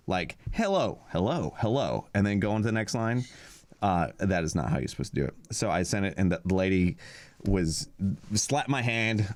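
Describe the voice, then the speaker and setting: A young man co-hosting a podcast, telling a long story in a casual, rambling way, full of fillers and acted-out quotes. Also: sits low. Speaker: podcast co-host.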